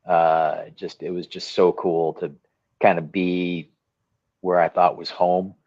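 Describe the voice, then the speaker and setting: Low-voiced man, halting and muffled. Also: little pitch movement, no room sound. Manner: rambling, halting, with many restarts and profanity. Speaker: retired Marine artillery officer. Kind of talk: casual conversation.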